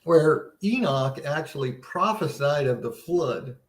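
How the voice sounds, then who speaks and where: A man's voice: a little high, lively intonation, measured pace. Earnest man teaching in an echoey room. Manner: earnest, wondering, conversational teaching with frequent restarts. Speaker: seminar presenter. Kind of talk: casual live-stream Bible seminar talk.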